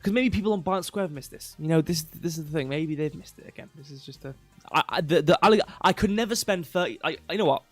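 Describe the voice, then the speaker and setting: A man hosting a crypto livestream in casual chat, rambling, restarting sentences and reading chat aloud while slowly losing his voice. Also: fairly high pitch, no room sound, faint music behind. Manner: rambling, self-interrupting, reads chat aloud. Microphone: desk mic.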